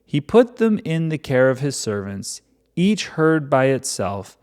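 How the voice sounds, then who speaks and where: A man's voice: mid-range voice, very animated, unhurried, a little mellow. A man reading a Bible chapter aloud and breaking off for casual, joking commentary. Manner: irreverent, joking asides between readings.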